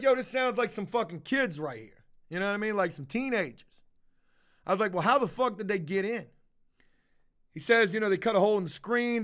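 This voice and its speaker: A man's voice: high voice, fairly bright tone. A man telling a personal story to his viewers in a casual, profane, conversational way, acting out the dialogue. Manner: profane, conversational, retells dialogue with many fillers.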